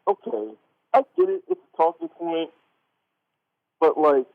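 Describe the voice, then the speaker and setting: A man's voice: fairly high pitch, huge pitch swings, a little slow, gravelly. A man co-hosting a casual sports radio talk show, rambling with lots of restarts and fillers, heard over a tinny phone line. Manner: rambling, many restarts and "like", laughs often.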